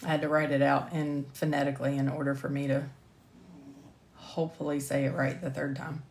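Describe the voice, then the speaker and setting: A woman's voice: rumbling low, flat delivery, fairly quick, vocal fry, a little mellow, a little hiss or hum. A middle-aged woman with a light Southern US accent, recording a pharmacology lecture for a medical coding course and breaking off into chatty asides about her mistakes. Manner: reads slides carefully, then chats with self-deprecating asides and laughter. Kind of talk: recording a scripted lecture on a live stream.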